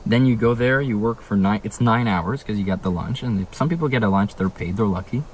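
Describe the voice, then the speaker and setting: A man's voice: fairly low pitch, a little fast, a little hiss or hum. A young man from Canada, speaking in a casual vlog from a room at home, ranting with emphatic rhetorical questions. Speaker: vlogger.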